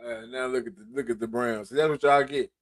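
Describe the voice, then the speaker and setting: A man's voice: mid-range voice, steady tone, brisk. A man co-hosting a podcast, talking sports in a blunt, joking way. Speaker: podcast co-host. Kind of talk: casual sports talk.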